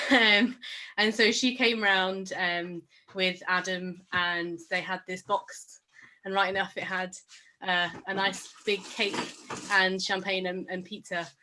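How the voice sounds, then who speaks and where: A woman tells a fond story over a video call, chatty and prone to laughter. Her voice is bright and crisp at a middle pitch. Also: little pitch movement, slow, slight background noise. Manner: chatty and warm, breaks into laughter. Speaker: church member sharing a memory. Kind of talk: casual heartfelt sharing on a video call.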